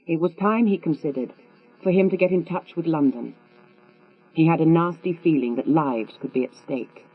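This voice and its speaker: A woman narrating a thriller audiobook in a measured, composed read. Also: low-pitched, slightly rough. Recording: tinny, phone-like with mains hum.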